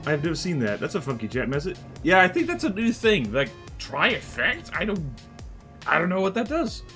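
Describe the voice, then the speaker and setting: An excitable man chatting on a live game stream, his voice bright and sitting fairly high. He rambles and yelps as chat messages come in. Faint music plays underneath. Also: brisk.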